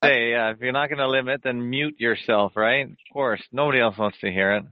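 A man's voice: medium pitch, fairly even intonation, fairly quick, dry recording, muffled recording. A man in a casual chat, cutting in with short teasing remarks. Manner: terse, teasing interjections.

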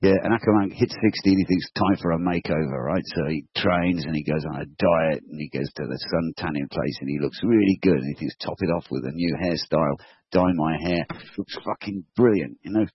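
A man in a casual group chat, telling jokes in a deadpan way. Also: sits low, brisk, hardly any pauses, slightly rough, dry recording. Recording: dry dull lo-fi call audio.

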